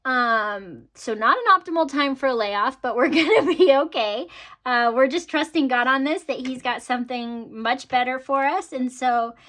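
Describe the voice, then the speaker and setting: A woman's voice: high voice, normal speed, fairly bright tone. A woman vlogger chatting casually to her viewers about her budget, upbeat, with frequent ums and laughs. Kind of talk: casual chat to camera.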